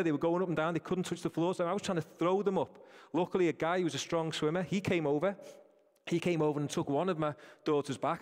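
A man's voice: a little high, darkish tone. A man preaching a sermon, earnest and direct, speaking to his listeners as folks. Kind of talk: sermon with a personal story. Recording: reverberant hall.

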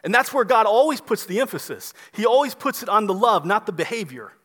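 A man preaching a sermon as pastor, emphatic and repetitive, dropping soft on key words. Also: high voice, sing-song, brisk, big-room sound.

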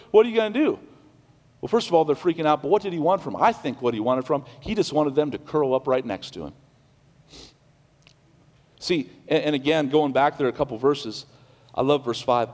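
A man preaching a sermon in a church, swinging between loud declarations and hushed, quiet passages, with conversational restarts and asides. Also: mid-range voice, long reverb tail. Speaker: pastor. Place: church sanctuary.

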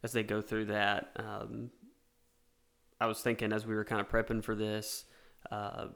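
A man's voice: on the low side, completely flat delivery, a little slow, vocal fry, a bit bright, clean tone. A man co-hosting a casual Christian talk show, speaking earnestly and reflectively about faith. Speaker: co-host. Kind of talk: casual Bible discussion.

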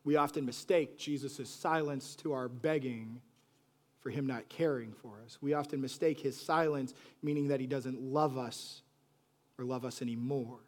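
A man preaching a sermon, moving between hushed, soft lines and loud, animated bursts, and acting out pleading voices. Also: on the high side. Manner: acts out quoted voices with pleading repetition. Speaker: pastor.

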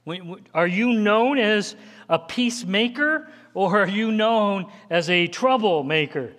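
A man's voice: high-pitched, animated, unhurried, fairly bright tone. A man preaching a sermon as a pastor, earnest and conversational, stacking up lists and speaking to the congregation directly. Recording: long hall reverb.

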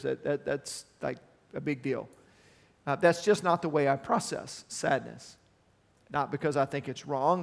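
A middle-aged man preaching a sermon as pastor, earnest and conversational, mixing scripture with personal asides. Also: on the high side. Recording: long hall reverb.

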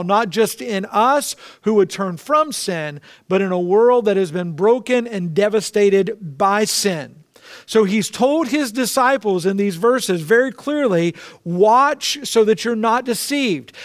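A man's voice: high-pitched, dry recording, studio quality. A man preaching a sermon, emphatic and repeating key phrases for weight. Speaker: pastor.

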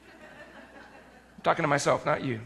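A man preaching a sermon as pastor, talking in a conversational way that swings between loud and quiet. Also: on the high side, huge pitch swings, slow pace, creaky, long reverb tail, a little hiss or hum.

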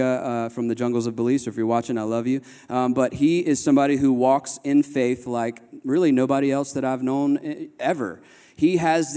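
A man preaching a sermon as pastor, telling stories and climbing louder and higher at tense moments. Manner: storytelling, rising loud and high when retelling tense moments. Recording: long hall reverb.

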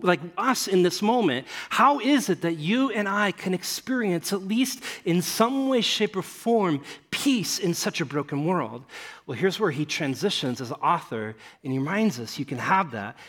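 A middle-aged male pastor preaching a sermon, animated, often asking his listeners rhetorical questions. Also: on the high side.

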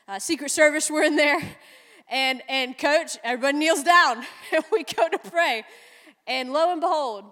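A woman's voice: high voice, a bit bright. A woman chaplain giving a sermon, telling stories with emotion and frequent laughter. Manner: emotional, laughing, chatty storytelling. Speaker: naval chaplain preaching. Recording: long hall reverb.

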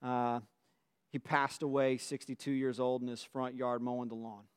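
A man's voice: mid-range voice, level tone, moderate pace, clean tone. A man in his forties, telling a personal story in an earnest, emotional way.

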